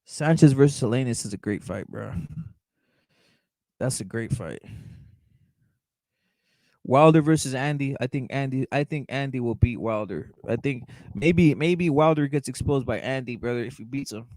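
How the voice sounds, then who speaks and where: A man's voice: mid-range voice, moderate pace, long pauses, darkish tone, dry recording, rough recording. Blunt, profane man on a fight show. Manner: blunt, profane, repeats himself, calls viewers brother; reacts to live chat comments. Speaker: boxing talk show host. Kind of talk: casual livestream chat.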